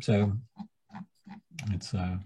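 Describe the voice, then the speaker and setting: A man's voice: low voice, little pitch movement, drawn-out words, mellow, husky. A man leading a study group, teaching informally with a rambling, hesitant manner and many restarts.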